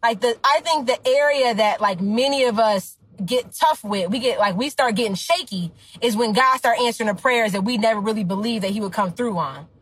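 Husky high-voiced woman coach hyping her audience. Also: fairly quick, few pauses, no room sound, low-quality recording. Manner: emphatic, preachy, slangy. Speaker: business coach. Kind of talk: motivational talk to her audience.

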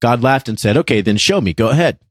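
A man in his thirties hosting a faith podcast, telling a story in a lively, laughing way. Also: mid-range voice, quick pace, husky, dry recording, clean studio sound. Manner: animated, laughs through his own story. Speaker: podcast co-host. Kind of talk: casual storytelling chat.

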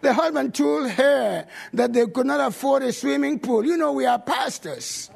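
A male pastor telling stories in a sermon, animated and swinging from loud bursts to low asides. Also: moderate pace, creaky, slightly rough. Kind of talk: sermon storytelling.

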